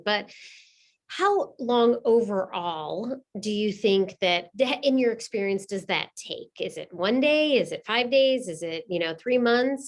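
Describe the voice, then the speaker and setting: Woman host, friendly, asks halting questions, mid-pitched voice. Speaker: interview host. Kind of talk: casual interview questions.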